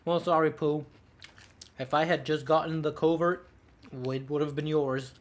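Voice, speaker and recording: A man's voice: fairly high pitch, steady tone, unhurried, a little hiss or hum. A young man streaming, chatting casually and sarcastically while opening game cases, rambling with frequent little laughs.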